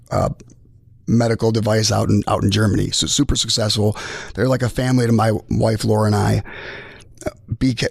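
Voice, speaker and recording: Man with a gravelly voice telling a story. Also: medium pitch, no room sound, studio quality. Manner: halting, with many restarts and repeated words. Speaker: podcast guest, military veteran. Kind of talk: emotional personal storytelling in conversation.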